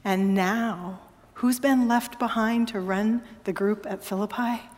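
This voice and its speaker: A woman pastor preaching a sermon, telling a story with animated, emphatic exclamations. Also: medium pitch, slow pace, in a large hall. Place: church sanctuary.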